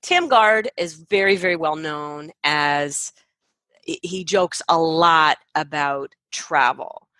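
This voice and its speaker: A woman hosting an interview with a speaker, talking in a measured way and often laughing along. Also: sits low, sharp tone, no room sound. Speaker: host and speaker coach. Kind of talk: interview conversation.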